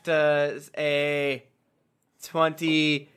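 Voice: mid-range voice, level tone, extremely slow, fairly bright tone, clean tone. A player in a tabletop game, joking and describing their character's actions. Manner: joking, acts out own character's lines.

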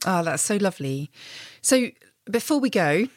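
A woman's voice: mid-range voice, big pitch swings, moderate pace, dry recording, clean studio sound. A woman with an English accent hosting a podcast, talking in a reflective, hesitant, casual way. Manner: reflective, hesitant, laughs softly. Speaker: podcast host. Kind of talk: casual conversation.

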